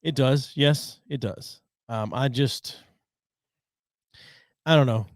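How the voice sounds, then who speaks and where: A man's voice: medium pitch, slow pace, dry recording, clean studio sound. A man co-hosting a podcast, listening and adding wry, laid-back remarks in casual chat. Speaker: podcast co-host.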